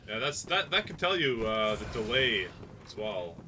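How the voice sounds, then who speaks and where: A man commentating his own gameplay as a streamer, swinging from excited yelling to sarcastic grumbling. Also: medium pitch, normal speed, background noise. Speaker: gaming streamer. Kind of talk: let's play commentary.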